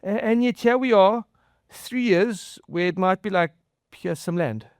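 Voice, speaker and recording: A man preaching a conversational sermon as pastor, earnest and halting, often repeating and restarting his words. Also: sits high, smooth, no echo, clean studio sound. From outside the US.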